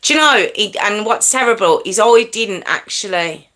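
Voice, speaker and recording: A woman hosting a true crime livestream chats casually with her viewers, answering comments and thanking people by name as she rambles along. Her bright, forward voice sits at a middle pitch but jumps up quickly when she teases, and she sounds animated and warm toward her audience.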